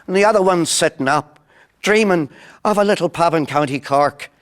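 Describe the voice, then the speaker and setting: A man with a New Zealand accent who tells stories about his comedy career and slips into animated joke voices. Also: a little high, normal speed. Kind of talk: storytelling with acted jokes.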